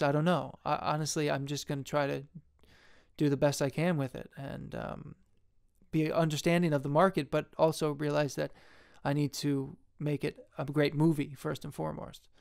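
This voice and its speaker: A young man, an independent filmmaker, talking in a jumpy, self-deprecating ramble, laughing often and jumping suddenly into a high squeak. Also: level tone, moderate pace, creaky, smooth.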